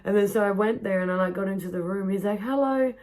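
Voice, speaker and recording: A woman hosting her own podcast, telling a chaotic travel story in a casual, animated way, laughing often and swearing freely. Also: medium pitch, quick pace. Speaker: podcast host. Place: home backyard.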